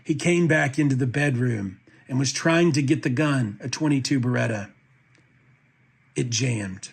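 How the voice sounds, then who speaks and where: A man reading a court petition aloud as a commentator, with a steady, even delivery. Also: medium pitch, unhurried, vocal fry, slightly rough.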